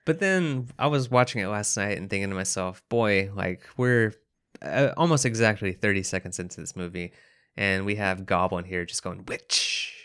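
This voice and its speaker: A man's voice: fairly low pitch, moderate pace, fairly bright tone, clear, resonant tone. Laid-back male podcast co-host, conversational and amused. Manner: easygoing, laughs often, reads out quotes. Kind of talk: casual chat.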